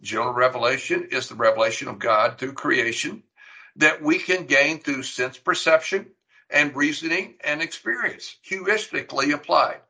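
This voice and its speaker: A man's voice: fairly high pitch, animated, normal speed, bright, forceful tone, poor audio. A middle-aged man preaching a sermon, teaching earnestly and emphatically, with rhetorical questions. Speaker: pastor.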